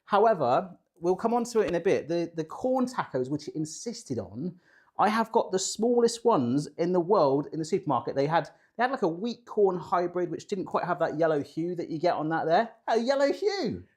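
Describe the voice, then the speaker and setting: A man's voice: on the high side, animated, normal speed, a little mellow, breathy edge. A British man hosting a live cooking stream from a kitchen, chatty and jokey, poking fun at himself while he reads out viewer comments. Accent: British English. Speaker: cooking show host.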